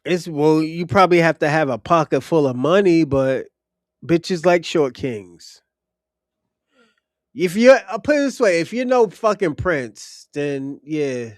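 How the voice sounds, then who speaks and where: Man on a stream, blunt crude rant, high voice, dry close mic. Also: lively intonation, moderate pace, few pauses, no room sound. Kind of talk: profane opinion rant.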